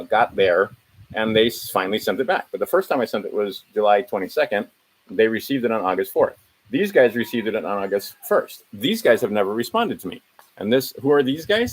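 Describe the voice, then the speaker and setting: A man with a fairly low voice talks viewers through paperwork on his screen in a loose, unscripted way. He rambles and corrects himself as he goes, reeling off section numbers and legal citations. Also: rough recording. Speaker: video host. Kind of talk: casual screen-share walkthrough.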